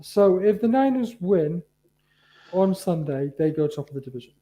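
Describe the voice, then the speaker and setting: British man, warm, earnest delivery. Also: high-pitched, lively intonation, moderate pace. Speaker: podcast co-host. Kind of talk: casual podcast chat.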